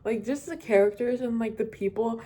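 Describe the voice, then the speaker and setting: A woman's voice: a little high, moderate pace, mellow. A young woman chatting casually as a book vlogger, rambling and hesitant with many fillers. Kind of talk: casual chat.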